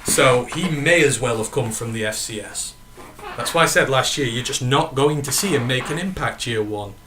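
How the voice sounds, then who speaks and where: A man with a northern English accent chats casually on a sports stream, answering viewers' questions and correcting himself as he goes. His voice sits mid-pitch and sounds bright and forward. He rambles a little but keeps talking. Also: animated, normal speed, slight background noise. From northern England. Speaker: podcast host. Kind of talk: casual sports chat reading live comments.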